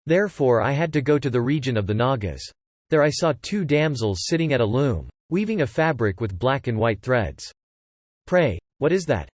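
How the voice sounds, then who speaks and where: A man's voice: mid-range voice, a little mellow, dry recording. Utanka, a man reading the part of an earnest young disciple. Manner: earnest, formal archaic pleading. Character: devoted young male disciple seeking vengeance on a serpent.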